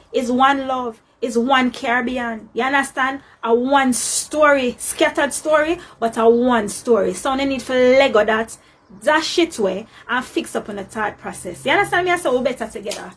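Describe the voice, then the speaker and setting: A woman's voice: high voice, moderate pace, a bit bright, slightly rough. A woman with a Jamaican accent giving an earnest opinion to camera, lecturing and slipping into patois.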